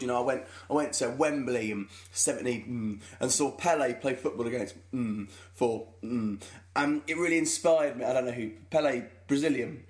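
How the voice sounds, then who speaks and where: A man's voice: mid-range voice, moderate pace, hardly any pauses, darkish tone. A young man co-hosting a podcast, chatting casually, rambling and self-mocking, often laughing at his own jokes. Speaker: podcast co-host. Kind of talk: casual comedic chat.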